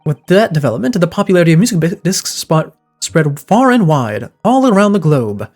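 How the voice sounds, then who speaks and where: A man reading aloud the lines of an eccentric, self-assured gentleman detective in a grandiose, wordy manner, with faint game music behind. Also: a little high, sing-song, brisk. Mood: lofty.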